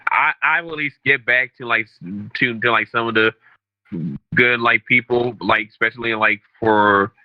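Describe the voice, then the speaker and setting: A man's voice: mid-range voice, steady tone, normal speed, no room sound, lo-fi sound. A man in his twenties, a game show contestant, speaking hesitantly with many restarts. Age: 20s.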